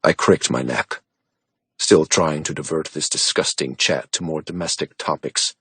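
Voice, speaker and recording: Husky-voiced brooding male narrator. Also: rumbling low, measured pace, fairly bright tone, no room sound. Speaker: audiobook narrator. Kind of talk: first-person audiobook narration.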